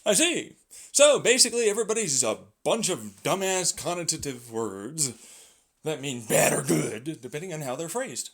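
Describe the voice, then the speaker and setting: Sarcastic young man ranting, lively pitch. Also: normal speed. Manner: jumps between mock voices, sarcastic, swears a lot. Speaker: vlogger. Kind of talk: rambling monologue acting out arguments.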